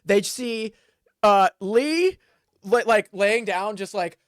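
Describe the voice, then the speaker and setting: A man's voice: high-pitched, slow, no room sound. A man narrating a tabletop game as dungeon master, rambling and full of fillers.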